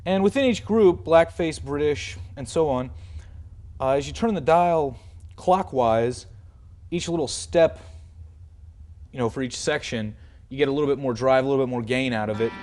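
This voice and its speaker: A man's voice: mid-range voice, moderate pace, a little mellow. A man giving a casual product demonstration of a guitar amplifier, explaining settings loosely with frequent fillers and hedges. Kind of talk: casual product demo walkthrough.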